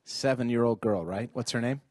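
A man's voice: medium pitch, brisk, slightly rough, dry recording. A middle-aged man giving a rhetorical talk to an audience of parents, acting out bits of dialogue as he goes. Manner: rhetorical, animated, acts out dialogue. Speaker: speaker addressing parents. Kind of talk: lively public talk with audience exchange. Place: indoor venue before an audience.

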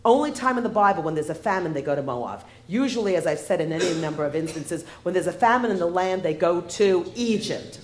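A woman's voice: lowish voice, expressive, a little fast, hardly any pauses, darkish tone, slight background noise. A woman giving a humorous lecture, wry in tone and often asking the audience rhetorical questions. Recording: roomy echo.

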